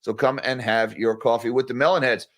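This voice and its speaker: A man's voice: mid-range voice, steady tone, fairly quick, fairly bright tone. A man hosting casual daily market news commentary, blunt and conversational, addressing viewers directly.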